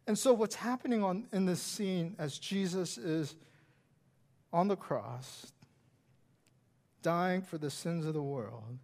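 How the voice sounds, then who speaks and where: A man preaching a sermon as pastor, with repetitive, emphatic phrasing that swings from loud emphasis down to hushed whispers. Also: high voice, slow pace, pauses often. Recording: long reverb of a large hall.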